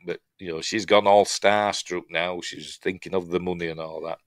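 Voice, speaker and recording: A man's voice: deep voice, fairly even intonation, normal speed, no echo. A middle-aged man with a Yorkshire accent, chatting casually through a film breakdown, rambling with dry humour and acting out lines. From Yorkshire, England. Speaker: film reviewer.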